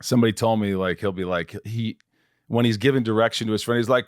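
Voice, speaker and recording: A man's voice: on the low side, fast talker. A man hosting a casual interview, easygoing with self-deprecating banter. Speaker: podcast host.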